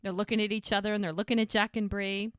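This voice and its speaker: A woman co-hosting a podcast, recapping an episode in lively casual chat and quoting the characters as she goes. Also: medium pitch, fast, clean tone, dry recording. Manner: animated storytelling, quotes the characters. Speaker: podcast co-host.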